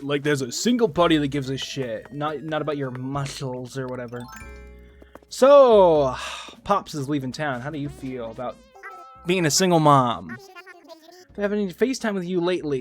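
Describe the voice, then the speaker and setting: A man chatting casually on a gaming livestream, rambling, joking and swearing. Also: fairly high pitch. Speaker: streamer.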